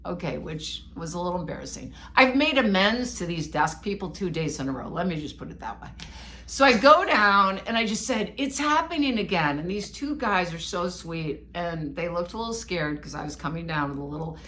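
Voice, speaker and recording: A woman co-host recounts a personal story in casual chat. Her voice is bright and forceful, and her pitch swings widely as she pokes fun at herself. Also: brisk. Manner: animated, self-mocking storyteller. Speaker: podcast co-host.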